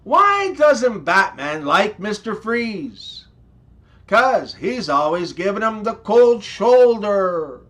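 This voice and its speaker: Slow, lively high-voiced joke teller. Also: male voice. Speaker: comedy channel host. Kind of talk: scripted joke telling.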